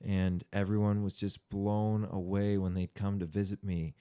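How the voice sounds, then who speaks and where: Young guy on a podcast, really low voice, smooth, swears a lot and rambles. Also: flat delivery, normal speed, mellow. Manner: profane, talkative and rambling. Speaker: podcast guest. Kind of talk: casual chat.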